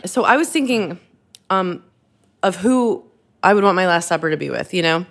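Woman, comedy podcast host, lowish voice, casual rambling chat, laughs often. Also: animated, moderate pace. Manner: laughing, self-mocking, rambling.

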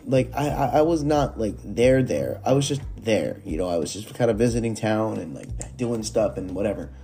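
Young guy rambling thru reddit stories, kinda low voice, swears a lot, faint music behind. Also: moderate pace. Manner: rambling and animated, lots of fillers and swearing. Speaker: storyteller reading Reddit posts. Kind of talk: casual storytelling.

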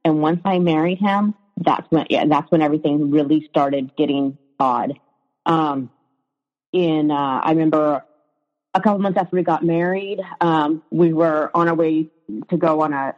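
A woman telling her own story in a conversation, hesitant, with frequent fillers and restarts. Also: deep voice. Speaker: guest sharing her story. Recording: reverberant, dull lo-fi sound.

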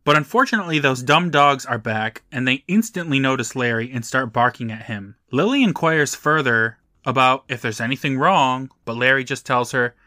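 A man's voice: mid-range voice, expressive, moderate pace, few pauses, bright, forceful tone, dry recording, studio quality. A man co-hosting a podcast, wryly recapping a TV episode and laughing often as he talks. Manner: wry, laughs often, acts out quotes. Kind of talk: casual chat, recapping a TV episode.

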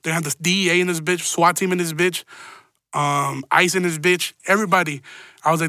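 Fast-talking man with bright, slangy delivery. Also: high voice, fairly even intonation, dry recording, clean studio sound. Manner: rambling, profane, laid-back slang. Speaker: podcast host. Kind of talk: casual solo podcast storytelling.

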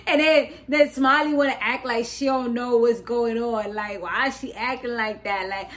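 A young woman hosting a podcast, casually recapping a reality show in an animated, slangy way, laughing often and wandering into side notes. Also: a little high, normal speed, few pauses, poor audio. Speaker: podcast host.

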